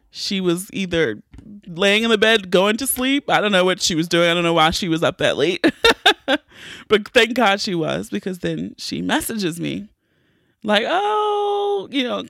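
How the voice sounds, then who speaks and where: A woman's voice: on the low side, gravelly, fairly bright tone, dry recording, clean studio sound. A woman podcast host telling a personal story in an emotional, candid way, tearful and full of fillers and restarts.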